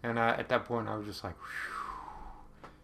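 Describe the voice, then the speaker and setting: A man's voice: fairly low pitch, little pitch movement, fast, vocal fry, sharp tone, a little hiss or hum. A man casually telling a personal story to camera, rambling with lots of ums and uhs.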